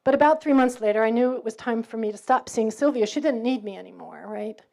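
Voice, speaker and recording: Lively New York woman telling a story. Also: a little high, fast talker, creaky. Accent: New York, mostly faded. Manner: lively storyteller, acts out dialogue, laughs often. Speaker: campus speaker. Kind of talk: personal faith story told to students.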